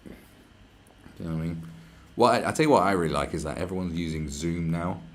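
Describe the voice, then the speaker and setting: A man's voice: deep voice, quick pace. A man chatting live on his stream, rambling and swearing freely as he reads out messages from viewers. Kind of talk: casual livestream chat. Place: where he is staying, not his home.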